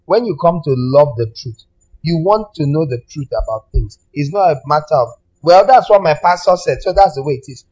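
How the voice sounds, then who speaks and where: A male pastor preaching a sermon in an animated way, breaking into sudden high mocking cries. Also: slightly rough, low-quality recording.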